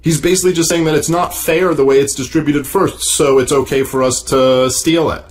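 A man's voice: on the high side, steady tone, a little fast. Male podcast host, solo commentary; swears freely, exasperated and mocking while rebutting a text.

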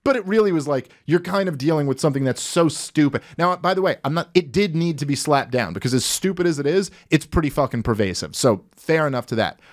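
A man giving casual reaction commentary, ranting and swearing freely as he pauses a clip. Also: fairly high pitch, lively intonation. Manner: profane, ranting, impersonates others mockingly. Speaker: commentary host.

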